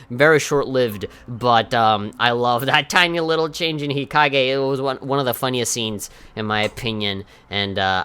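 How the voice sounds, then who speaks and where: A man co-hosting a casual gaming podcast, with a bright, crisp, clear voice. He tells stories animatedly, laughs often, and swears casually. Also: fairly low pitch. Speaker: podcast co-host.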